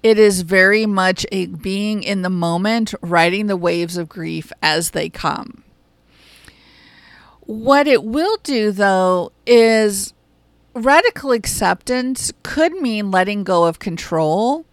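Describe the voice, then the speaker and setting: Woman, podcast host, gravelly voice, dry sound, calm and reassuring. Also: mid-range voice, dry recording. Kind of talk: reflective solo podcast talk.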